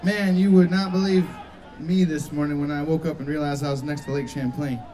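A man's voice: a little high, fairly even intonation, fairly quick, mellow, some chatter behind, a little hiss or hum, low-quality recording. A man fronting a band, chatting easygoing and self-deprecating between songs at a live concert on a stage microphone.

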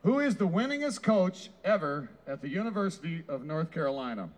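A man hosting a live variety show with folksy emcee patter and shouted introductions. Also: fairly high pitch, very animated, brisk. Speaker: show host.

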